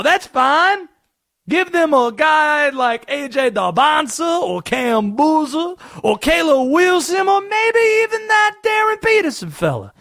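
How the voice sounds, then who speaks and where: Guy doing a southern accent conspiracy sports guy on the radio, high voice, all over the place. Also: fairly bright tone, no room sound, studio quality, exaggerated voice. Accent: American Southern. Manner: fast-talking, drawling, wheedling. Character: excitable male conspiracy-theory sports pundit. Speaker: radio host.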